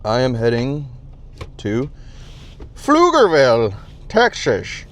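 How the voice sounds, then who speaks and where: A man's voice: mid-range voice, huge pitch swings, slow, a bit bright. A man hosting a solo podcast while driving, rambling casually with jokes and swearing. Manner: joking, profane, goes off on tangents. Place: inside a moving car. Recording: constant car road noise.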